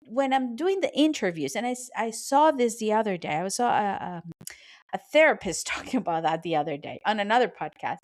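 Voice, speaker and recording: A woman hosting her podcast alone from a small soundproofed home office, chatty and apologetic, sometimes tripping over her words. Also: a little high. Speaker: podcast host. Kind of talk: solo podcast monologue. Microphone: studio microphone.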